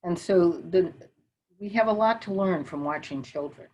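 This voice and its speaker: An older woman teaching mindfulness, calmly talking and counting breaths slowly through a guided meditation. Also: fairly low pitch, low-quality recording. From northern United States.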